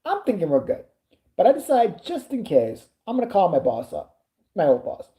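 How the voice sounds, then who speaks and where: A woman vlogger telling a story to camera, animated and full of swearing. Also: fairly low pitch, moderate pace, echoey room. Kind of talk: storytime anecdote.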